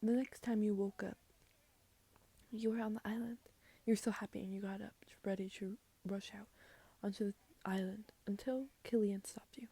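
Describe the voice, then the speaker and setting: A woman's voice: medium pitch, fairly even intonation, normal speed, mellow, slightly rough, dry recording. A woman voice actress narrating a listener story in a whispered role-play, with casual asides. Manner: casual, self-deprecating asides.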